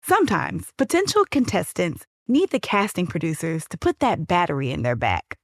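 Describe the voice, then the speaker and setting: A woman hosting and narrating a documentary-style podcast in a measured, storytelling way. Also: fairly low pitch, very animated, no room sound, studio quality.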